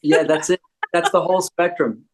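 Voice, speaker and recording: A man's voice: on the high side, steady tone, normal speed. A joking older man from the United States, talking casually as a guest. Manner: joking, wisecracking. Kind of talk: casual chat.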